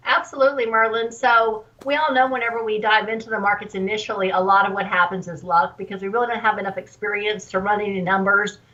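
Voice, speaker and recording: A woman joins a live show by phone as a guest trader. Her voice comes through dull and distant, as if she is set back from the microphone. She explains her points in a measured, thoughtful way with frequent ums. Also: medium pitch, steady tone, sharp tone. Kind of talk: phone-in interview.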